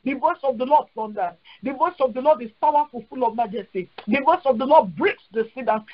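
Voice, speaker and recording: A woman's voice: high voice, brisk. A Nigerian woman pastor leading a prayer call, preaching with fervent, repetitive declarations and praying in tongues. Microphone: phone dial-in. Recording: dull lo-fi phone call audio.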